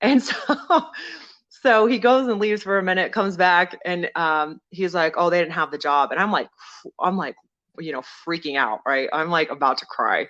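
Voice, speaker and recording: Woman podcast guest, crisp bright voice, chatty storytelling, kinda lo-fi sound. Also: normal speed. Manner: animated, acts out quoted people with sudden jumps in pitch. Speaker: podcast guest, veteran and former firefighter. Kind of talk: casual storytelling.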